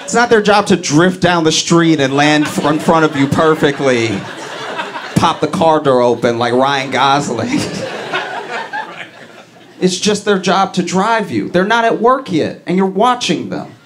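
A man doing stand-up on a comedy club stage, telling stories in an animated, exasperated way. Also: on the high side, unhurried. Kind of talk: stand-up set. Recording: live club set with room noise.

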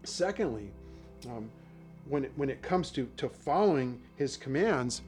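A man's voice: medium pitch, lively intonation, unhurried, a little mellow, soft background music. Conversational man preaching a sermon. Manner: conversational, storytelling with asides and repetitions. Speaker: lay preacher.

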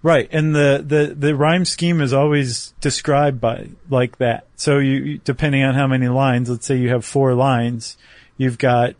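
A man's voice: medium pitch, flat delivery, unhurried, a little mellow, dry recording. A man co-hosting a podcast, explaining step by step in a casual, joking way with frequent restarts. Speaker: podcast co-host. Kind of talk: casual educational chat.

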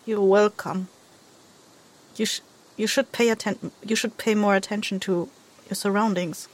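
A woman's voice: mid-range voice, fairly even intonation, normal speed, natural voice. A woman playing a terse, wary wanderer. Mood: guarded.

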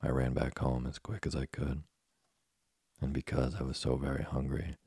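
A fussy, whining wooden puppet boy, voiced by a man reading a storybook. The voice sits very low and husky, with a gravelly edge. It is recorded dry and close. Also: little pitch movement, normal speed, mellow, dry recording, heavily acted. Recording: dry close studio sound.

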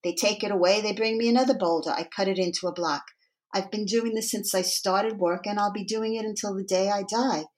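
A woman's voice: medium pitch, fairly even intonation, brisk, a little mellow, natural voice. A woman voicing a hostile medieval stonecutter who scolds impatiently, in a storytelling parable. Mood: scornful.

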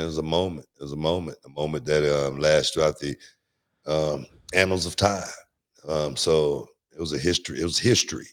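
Older guy podcast host, super deep voice, loose and animated, keeps repeating himself. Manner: animated, repeats words, drawls. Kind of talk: casual podcast chat.

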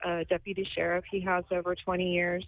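A woman's voice: on the low side, monotone, brisk, no echo. A woman calling in to a radio show, emotional and laughing through tears as she talks. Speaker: caller. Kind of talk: phone call to a radio show. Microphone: phone. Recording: tinny phone line.

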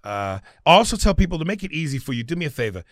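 Casting: a lively male storyteller, energetic and theatrical, with a slightly high voice. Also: quick pace, dry recording, clean studio sound. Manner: energetic, acts out the scenes. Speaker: podcast guest. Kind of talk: animated comedic storytelling.

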